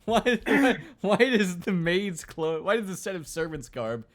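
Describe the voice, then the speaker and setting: Man, game streamer, casual banter, profane, lively pitch. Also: measured pace. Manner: profane, joking, reacts to the game aloud.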